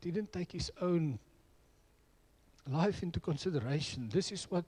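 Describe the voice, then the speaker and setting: A man's voice: on the high side, lively intonation, a little slow, a little mellow, breathy edge. A middle-aged man preaching a sermon, telling personal stories in an earnest way. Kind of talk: sermon with storytelling.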